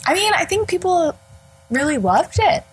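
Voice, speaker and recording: A woman chatting about a movie on a podcast, talking lively and laughing often. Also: very high voice, moderate pace, low-quality recording. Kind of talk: casual film discussion.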